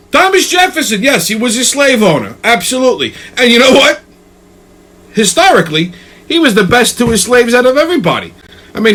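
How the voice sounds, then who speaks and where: A man's voice: high voice, pushed and bright. A male host giving a profane, exasperated comedic rant and tagging his points with "okay?". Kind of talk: ranting comedic commentary.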